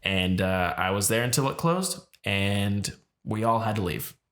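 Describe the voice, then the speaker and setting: A man's voice: on the low side, measured pace, fairly bright tone. A man co-hosting a podcast, telling a story in a casual chat and acting out the people he quotes. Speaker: podcast co-host.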